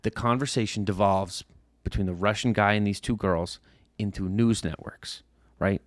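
Man, 30s, podcast co-host, casual storytelling, low pitch, dry sound. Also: normal speed, no room sound. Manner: animated storyteller, acts out overheard voices.

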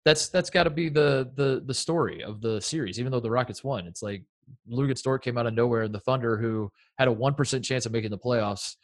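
A man's voice: mid-range voice, a little fast. Guy co-hosting a sports chat, gets all worked up, laughs a lot, does little rants in other voices. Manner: excitable, laughing, acting out coaches' rants. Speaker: co-host.

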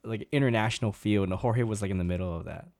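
A man's voice: on the low side, fast talker, darkish tone, dry recording. A man co-hosting a casual sports podcast, eager and rambling with many fillers. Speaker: podcast co-host.

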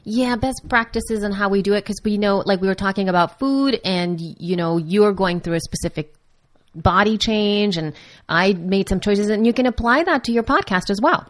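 A woman co-hosting a podcast, upbeat and lively as she steers the chat over a video call. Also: medium pitch, normal speed. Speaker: podcast co-host. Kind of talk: casual chat.

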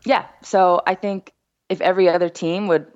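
A woman's voice: on the low side, steady tone, moderate pace, a little mellow, dry recording, dull audio. A woman guest chatting casually on a podcast about basketball, talking emphatically with lots of "I mean" and "you know". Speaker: guest, basketball player and commentator.

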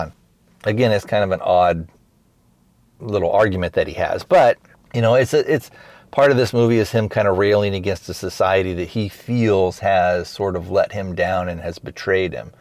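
A man with a fairly low voice talks through a recap in a loose, rambling way, restarting his sentences and jumping into quoted lines. The sound is dry and close, with no room around him. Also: moderate pace, a little mellow, no echo. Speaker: podcast host reviewing a film. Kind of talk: casual recap.

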